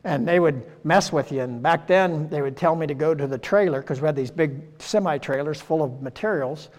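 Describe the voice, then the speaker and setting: A man's voice: on the high side, brisk. A man in his sixties preaching a conversational sermon, folksy and full of rhetorical questions. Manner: folksy, rhetorical, peppered with "right?" and "you know". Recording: long church-hall reverb.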